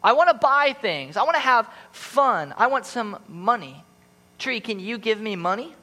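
A man's voice: high voice, expressive, normal speed, sharp tone, big-room sound, pitched above the performer's own voice, exaggerated voice. A man reading as a needy storybook boy. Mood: demanding. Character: needy boy who grows into a weary old man.

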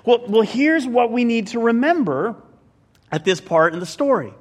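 A man preaching a sermon in an animated, conversational way, mixing scripture with joking asides. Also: very high voice, moderate pace, long reverb tail. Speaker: pastor.

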